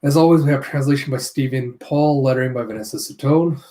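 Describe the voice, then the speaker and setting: A man's voice: mid-range voice, mellow. Casual man narrating comic panels. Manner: narrates panels, slips into quick character voices. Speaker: manga reviewer. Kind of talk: casual chapter read-through commentary.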